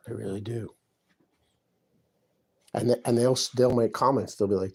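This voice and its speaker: A man with a middling pitch and a creaky, raspy voice talks in his apartment. He sounds distressed and aggrieved, rambling from complaint to complaint. His voice has a rough, breathy edge throughout. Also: brisk, pauses often, darkish tone. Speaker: vlogger. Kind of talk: rambling personal monologue to camera.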